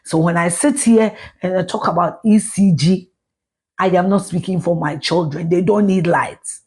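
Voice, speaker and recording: A woman's voice: lowish voice, moderate pace, a little mellow, breathy edge. A middle-aged woman with a Ghanaian accent, ranting bluntly and profanely on a live stream, switching between Twi and English. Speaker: social media commentator.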